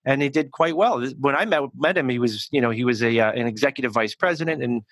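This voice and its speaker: A man working as an executive communication coach, answering interview questions in a lively, conversational way, often restarting his sentences. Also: mid-range voice, quick pace, no echo. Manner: animated, self-correcting restarts.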